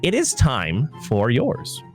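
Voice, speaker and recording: A man's voice: mid-range voice, wildly swooping pitch, slow pace. A man voicing a showy male game-show host who hams up his announcer patter. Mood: hammy. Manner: brassy, over-the-top announcer patter. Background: background music.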